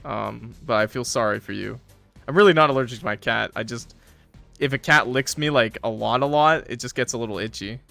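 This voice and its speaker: A man's voice: mid-range voice, brisk, vocal fry, sharp tone, dry recording, soft background music. A man commenting casually on a game he is playing, rambling and interrupting himself. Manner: chatty, rambling, self-interrupting. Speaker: streamer.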